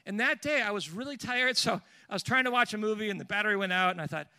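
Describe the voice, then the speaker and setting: A man preaching and telling a lively personal story, with restarts and asides along the way. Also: high-pitched, fast talker, smooth, no echo. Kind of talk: storytelling sermon.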